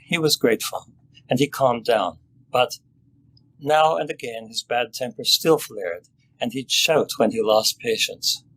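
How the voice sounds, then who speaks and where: An older man, a family doctor, reading his own story aloud in a measured, sober and reflective way. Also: mid-range voice, a bit bright, breathy edge, low-quality recording.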